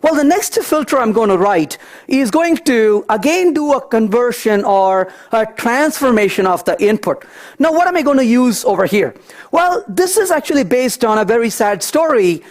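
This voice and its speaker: A man giving a technical conference talk, walking through live code and telling lively anecdotes as he thinks aloud. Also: extremely high pitch, moderate pace. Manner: animated, storytelling asides, thinks aloud. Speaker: conference speaker.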